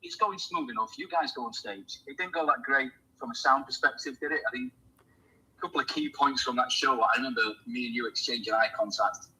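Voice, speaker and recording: Husky man telling a story. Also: medium pitch, brisk, rough recording. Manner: animated storyteller, acts out quoted voices. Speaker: host. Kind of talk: casual storytelling chat.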